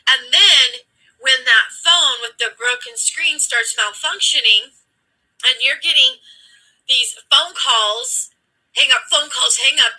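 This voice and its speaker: A woman host tells a story with impassioned commentary, blunt and profane, acting out the dialogue as she goes. Her fairly high voice has a sharp tone, and the audio quality is poor.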